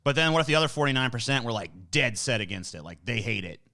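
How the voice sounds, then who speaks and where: A man's voice: medium pitch, expressive, quick pace, bright, forceful tone. A young man hosting a casual interview, asking provocative questions in a joking, profane way. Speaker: host.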